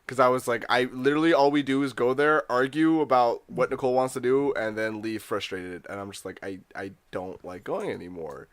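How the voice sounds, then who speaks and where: Young male co-host, rambling storyteller, mid pitch, dry close sound. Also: brisk, few pauses, no echo. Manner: rambling anecdotes, frequent laughter. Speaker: podcast co-host. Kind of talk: casual chat.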